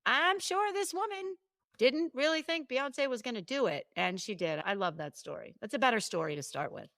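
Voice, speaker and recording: A woman co-hosting a podcast, telling stories in an animated, chatty way with quick asides and restarts. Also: medium pitch, vocal fry, no room sound, studio quality. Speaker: podcast co-host and coach. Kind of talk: casual podcast chat.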